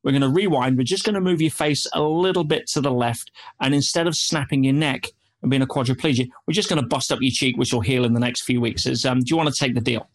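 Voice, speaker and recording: A man's voice: mid-range voice, fast talker, lightly acted. A man putting on the voice of a chummy male guardian angel who talks with breezy, matey salesman patter.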